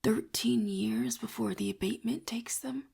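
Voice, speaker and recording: A woman voicing a brooding young male mage who mutters in a low, half-whispered way, sardonic and bored. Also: fairly even intonation, normal speed, creaky, darkish tone, husky, exaggerated voice.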